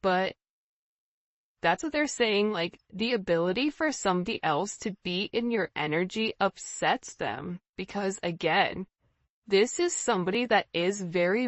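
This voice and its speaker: Female tarot reader, unhurried and earnest, direct to camera, dry and slightly muffled sound. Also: mid-range voice, animated, no echo. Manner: intuitive, repetitive, earnest, talks straight to the viewer. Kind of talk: casual tarot reading to camera.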